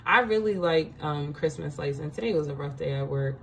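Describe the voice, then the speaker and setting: A woman's voice: low voice, a little fast, vocal fry, a little hiss or hum, rough recording. A woman giving a casual spiritual card reading, chatty, laughing often and checking in with her listeners.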